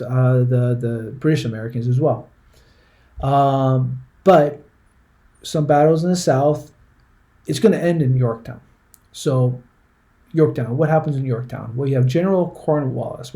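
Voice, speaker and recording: Mellow-voiced man teaching history. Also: mid-range voice. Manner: conversational, repeats words, frequent "right?" checks. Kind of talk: classroom history lecture.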